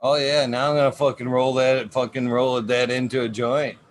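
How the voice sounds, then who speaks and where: A man's voice: medium pitch, level tone, moderate pace, slight background noise. A man hosting a casual livestream, talking laid-back and swearing a lot as he narrates each step he takes. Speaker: livestream host.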